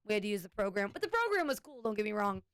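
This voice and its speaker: A woman's voice: mid-range voice, sing-song, very fast, fairly bright tone, smooth, no room sound. A woman streamer chatting casually with her viewers, rambling and swearing now and then. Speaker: Twitch streamer.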